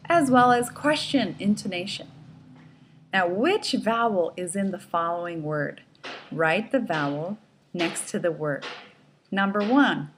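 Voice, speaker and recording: A woman's voice: medium pitch, animated, measured pace, fairly bright tone, slight background noise. A woman teaching a pronunciation lesson, saying each word and sentence twice with careful, exaggerated enunciation. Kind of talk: slow, clearly enunciated lesson.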